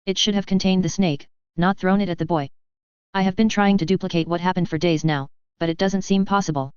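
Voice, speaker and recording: Woman doing a vain wizard prof, insistent, clear voice, dull recording. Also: fairly low pitch, steady tone, brisk, darkish tone, dry recording, natural voice. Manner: insistent, self-justifying.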